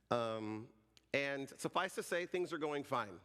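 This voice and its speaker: A man in his forties, a pastor giving a sermon as an animated, joking storyteller. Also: mid-range voice, measured pace. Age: 40s. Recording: reverberant hall.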